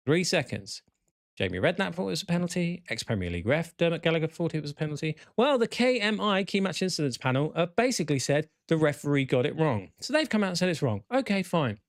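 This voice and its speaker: Animated man hosting a football chat show. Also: fairly high pitch, no room sound, clean studio sound. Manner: animated, swearing, exasperated rants. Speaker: podcast host.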